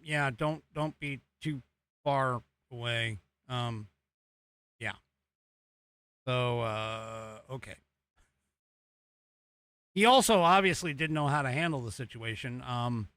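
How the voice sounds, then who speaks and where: Here a US podcast host, with an American accent, rambles through casual political commentary in an exasperated way, sarcastic remarks sprinkled throughout. The man's mid-range voice has a sharp, clean tone; he speaks slowly with frequent pauses. The recording is dry.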